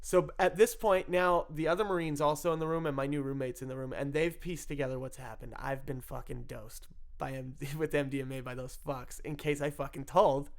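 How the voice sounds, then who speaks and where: Speaking quickly with few pauses, this man recounts his addiction in a loose, first-person ramble. His mid-range voice stays fairly even, though he curses a lot and keeps breaking into laughter.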